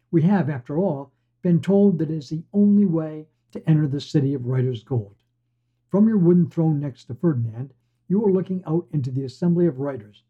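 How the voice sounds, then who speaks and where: A man hosting a podcast and reading fiction aloud in a steady storytelling voice. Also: fairly high pitch, husky. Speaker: podcast host and reader. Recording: dull lo-fi recording.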